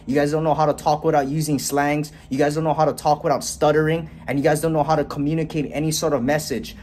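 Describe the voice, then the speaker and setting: Talking to camera first in a bedroom and then while walking down a street, a young motivational vlogger delivers a blunt, casual rant on communication. He curses a lot and keeps tacking on "right?", his voice fairly high with a darkish tone.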